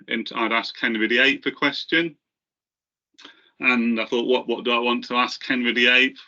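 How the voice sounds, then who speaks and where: A man presenting software in a webinar, talking casually with frequent fillers and restarts. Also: medium pitch, muffled recording. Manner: halting, many fillers and restarts.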